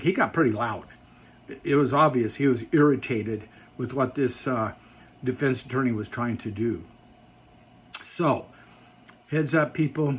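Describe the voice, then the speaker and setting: A man giving a casual spoken update, halting with many fillers and restarts and turning emphatic at times. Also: mid-range voice, slightly rough.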